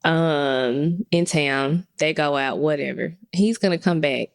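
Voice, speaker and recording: A woman co-hosting a podcast in casual chat, frank and measured as she works through her point. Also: low-pitched. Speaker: podcast co-host.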